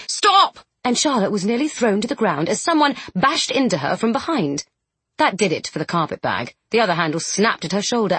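Woman narrating a novel, measured and expressive, slightly husky, dry studio sound. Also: mid-range voice, no room sound. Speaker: audiobook narrator. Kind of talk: scripted narration.

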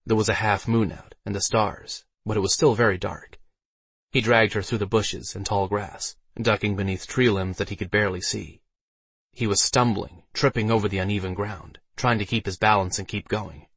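A man narrating a fantasy audiobook with steady storytelling delivery. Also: lowish voice, moderate pace, slightly rough, dry recording.

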